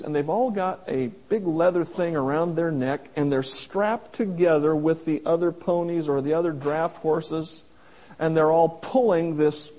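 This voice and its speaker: A man preaching a sermon in a folksy, plain-spoken way, slowing down to stress each scripture quote. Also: fairly high pitch, dark tone, rough recording. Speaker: pastor.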